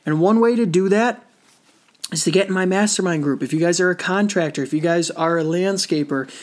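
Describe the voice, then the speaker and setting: Energetic man coaching on sales. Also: high voice, a little fast. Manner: energetic, repetitive, conversational. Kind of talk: motivational talk.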